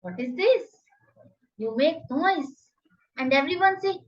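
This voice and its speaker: Slow, sing-song woman teaching phonics. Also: high voice, lively intonation, far from the mic, dull audio. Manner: slow, carefully enunciated, sing-song drilling of words. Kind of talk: children's phonics lesson.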